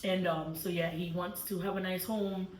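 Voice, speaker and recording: Chatty low-voiced woman in an echoey room. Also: fairly even intonation, normal speed, slight background noise. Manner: chatty storytelling with many fillers. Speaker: book club host. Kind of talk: casual book discussion. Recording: echoey room, far from mic.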